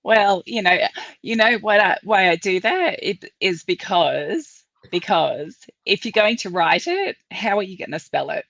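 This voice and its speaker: A woman's voice: mid-range voice, lively intonation, measured pace, creaky, fairly bright tone, dry recording, highs cut off. An Australian woman chatting as a guest, laughing often and explaining with little exercises. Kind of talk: casual video-call chat.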